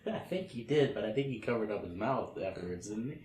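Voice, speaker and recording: A man's voice: on the low side, expressive, fairly quick, darkish tone. A young man co-hosting a casual podcast, joking and laughing often. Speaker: podcast co-host. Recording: echoey room with faint noise.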